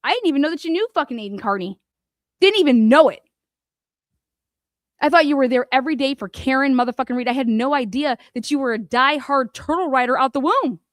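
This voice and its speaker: A high-voiced woman delivers a heated commentary rant. She swears freely and hammers the people she means with rhetorical questions. Her voice sounds dry and close, with little room sound. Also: expressive, fairly quick, no room sound. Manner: angry, profane, confrontational. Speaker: commentary host. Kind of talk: ranting commentary on a court case.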